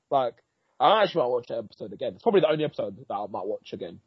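A man, co-hosting a podcast and excitedly recapping an episode in slangy, sweary casual chat. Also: mid-range voice, very fast, husky, dry recording. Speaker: podcast co-host. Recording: dull lo-fi, dry.

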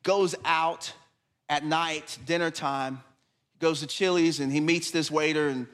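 A man preaching a sermon, telling a lively story and voicing the people in it, then dropping to soft, hushed tones for his appeal. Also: a little high, a little slow, clear, resonant tone. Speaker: pastor.

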